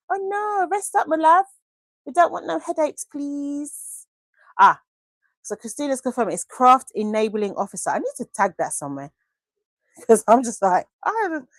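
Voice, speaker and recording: A woman hosts a casual craft livestream, reading out comments and calling viewers by pet names. Her voice sits on the higher side and swings widely in pitch. The sound is close and dry at her desk mic. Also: no room sound. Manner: chatty and gushing, affectionate pet names. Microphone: desk microphone.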